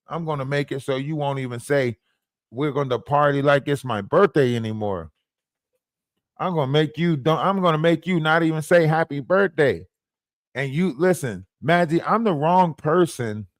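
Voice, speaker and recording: A man's voice: a little high, no room sound, studio quality. A man hosting a livestream, ranting in a taunting, profane way and repeatedly asking "huh?" at his target. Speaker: livestream host. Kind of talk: profane live-stream rant.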